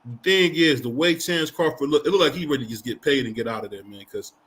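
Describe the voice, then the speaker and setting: A man's voice: medium pitch, fast talker, fairly bright tone. A man co-hosting a casual boxing chat stream, laughing often and reading viewer comments aloud. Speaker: co-host.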